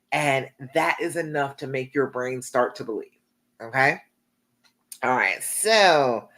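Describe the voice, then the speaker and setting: A woman relationship coach giving a live coaching talk, encouraging and checking in with her listeners again and again. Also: low-pitched. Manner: encouraging, repeats "okay?" often.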